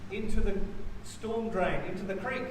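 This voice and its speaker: Australian pastor telling a story, high voice. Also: male voice, normal speed, background noise. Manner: anecdotal, conversational with self-corrections. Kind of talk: sermon with a personal story. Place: church. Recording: echoey church, mic from far off.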